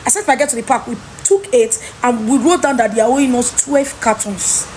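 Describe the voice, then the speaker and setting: High-voiced exasperated Nigerian woman. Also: brisk, a little mellow, a little hiss or hum. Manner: exasperated, mimics others in Pidgin. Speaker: trader telling of lost goods. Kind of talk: animated personal storytelling.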